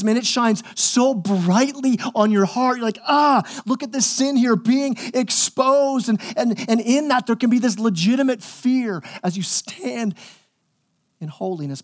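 A man's voice: sits high, normal speed. A male pastor preaching a conversational, emphatic sermon, often repeating words as he presses a point.

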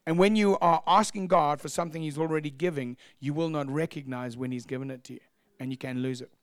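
Male pastor, high voice, animated storyteller who acts out the scenes, dry close sound. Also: fast talker, no room sound. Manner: animated storytelling, acting out shouts and laughter. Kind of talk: testimony sermon.

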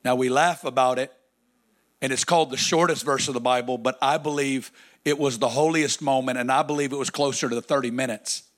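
A man preaching a sermon, dramatic, swinging between loud declarations and hushed, drawn-out lines. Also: mid-range voice, fairly even intonation.

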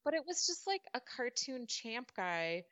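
A woman's voice: fairly high pitch, big pitch swings, a little slow, fairly bright tone, no room sound. A woman in her thirties or forties co-hosting a casual talk show, chatty and often saying "like.". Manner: chatty, uses "like" a lot, laughs often. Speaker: podcast co-host. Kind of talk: casual chat. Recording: slightly muffled dry mic.

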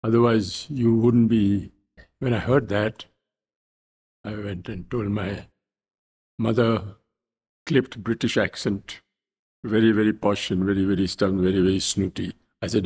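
An older man from India recounts his past in a relaxed, wry voice, his phrases often fading off softly at the ends. His voice is husky and sits somewhat low. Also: normal speed. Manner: anecdotal, wry, trailing off softly. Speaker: interview guest. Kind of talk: storytelling in conversation.

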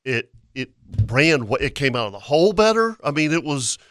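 A man's voice: fairly high pitch, sing-song, moderate pace, fairly bright tone, no room sound, clean studio sound. A man co-hosting a casual talk show about boats, rambling with many restarts. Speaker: co-host. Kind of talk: casual chat.

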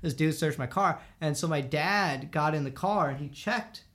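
A man telling a story in casual chat with friends, animated, acting out both sides of the scene and laughing between lines. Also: fairly high pitch, normal speed.

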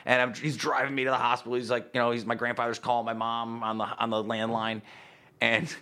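A man's voice: medium pitch, a little fast, smooth. A man in his thirties from upstate New York, chatting on a podcast and telling stories with acted-out quotes and plenty of swearing. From Utica, New York, USA. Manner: animated storyteller who acts out quotes and swears freely. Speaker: podcast guest. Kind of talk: casual chat.

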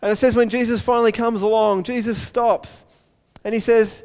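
A man preaching a sermon, telling the story with lively acted-out voices. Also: very high voice, moderate pace, hardly any pauses. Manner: animated storytelling, acts out crowd voices. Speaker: pastor. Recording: long hall reverb.

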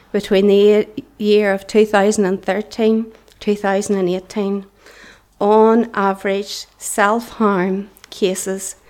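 Speaking in a slightly mellow, mid-range voice, a middle-aged Northern Irish woman shares a heartfelt, fervent testimony in church. Now and then her words fall to a whisper.

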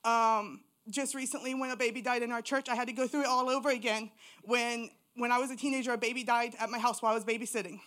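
A woman's voice: a little high, fairly even intonation, fast, fairly bright tone. Woman, church testimony, raw and candid storyteller. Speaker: church member giving testimony.

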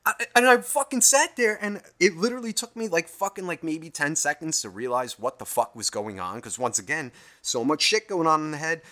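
A man hosting a casual comic monologue who rambles and swears in nearly every sentence. His voice is bright and animated, with pitch that jumps around as he tells the story. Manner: rambling, heavily profane. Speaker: host.

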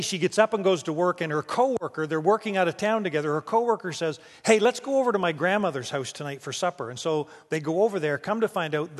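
Male pastor, storytelling sermon, slightly higher voice, reverberant church sound. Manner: storytelling, with frequent restarts. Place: church sanctuary.

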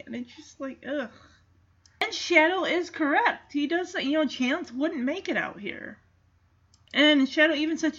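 A woman's voice: high voice, expressive, moderate pace, fairly bright tone, muffled recording. A woman giving a casual, chatty movie recap, reacting as she goes and leaning on "like" a lot. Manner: chatty, reactive, heavy use of "like".

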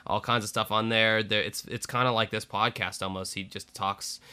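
A man's voice: fairly low pitch, fairly even intonation, normal speed, pushed and bright, clean tone. A man co-hosting a podcast, chatting casually and plugging his channels with self-deprecating humor. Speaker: podcast co-host. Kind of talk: casual chat.

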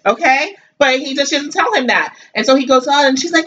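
A woman's voice: high-pitched, fairly quick, hardly any pauses, a bit bright. A woman co-hosting a podcast, talking bluntly and profanely with lots of slang. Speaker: podcast co-host. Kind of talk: casual chat recapping a reality show. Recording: distant, dull lo-fi mic.

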